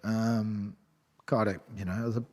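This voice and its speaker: A man's voice: lowish voice, flat delivery, normal speed, a little mellow, big-room sound. A man in his thirties, a podcast guest telling his story in a candid, rambling way, swearing freely and restarting his sentences. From Australia. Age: 30s. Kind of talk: casual storytelling chat.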